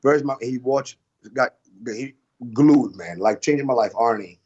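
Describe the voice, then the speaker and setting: A man guesting on a podcast, telling his story as a martial arts coach in a rambling, animated way, with frequent swearing and restarts. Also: medium pitch, measured pace, husky, muffled recording. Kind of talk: casual storytelling.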